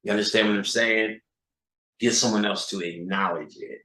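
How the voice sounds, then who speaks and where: A man's voice: lowish voice, steady tone, normal speed, pushed and bright. A man giving a profane spiritual lecture, emphatic and swearing, with street-talking rhetorical repeats. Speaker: occult lecturer. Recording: roomy echo.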